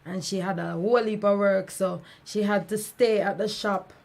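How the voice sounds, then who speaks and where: Jamaican woman, gravelly voice, chatty and laughing, drops into patois telling her story. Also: medium pitch, moderate pace. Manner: animated, laughs often, slips into patois. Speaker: reggae singer, guest. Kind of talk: storytelling interview chat.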